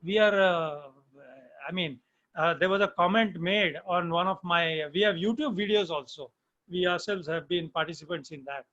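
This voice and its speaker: A man's voice: sits high, moderate pace, a bit bright, highs cut off. A man, telling stories in an online lecture and often asking "huh?" of his listeners. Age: 60s. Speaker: management professor.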